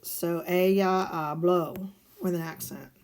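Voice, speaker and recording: Speaking slowly in a lowish, slightly mellow voice, this woman keeps her intonation fairly even. She's a Spanish teacher leading a recorded video lesson through guided notes, explaining each step and answering her own questions.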